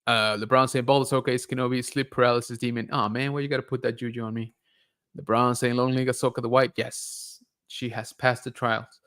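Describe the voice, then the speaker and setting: A man's voice: medium pitch, brisk. Laid-back man reading live chat. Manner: relaxed and chatty, reads comments aloud and reacts with laughs. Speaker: livestream host reading viewer chat. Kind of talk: casual live-stream chat.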